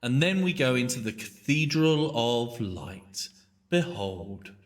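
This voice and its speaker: A male gaming streamer chatting casually on a live stream. He rambles and cuts himself off as he goes, in a voice of ordinary pitch. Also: expressive, a little slow. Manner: rambling, self-interrupting chatter.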